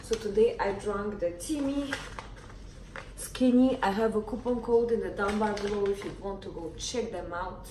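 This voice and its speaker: A woman's voice: mid-range voice, moderate pace, warm tone, slight background noise. A young woman talking casually to camera about her morning routine, candid and a bit grumpy. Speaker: vlogger. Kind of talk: casual vlog monologue. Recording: echoey room, camera at a distance.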